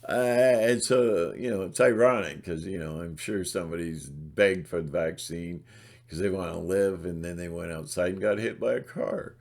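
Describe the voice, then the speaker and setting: Gravelly, blunt ranting man. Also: low-pitched, normal speed, a little mellow. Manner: blunt, sarcastic, mocking voices; rambling with restarts. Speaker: channel host. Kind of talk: ranting monologue.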